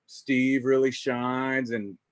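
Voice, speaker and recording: A man, a guest musician, talking in casual chat, relaxed and full of "you know" and "man". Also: mid-range voice, slow, no echo.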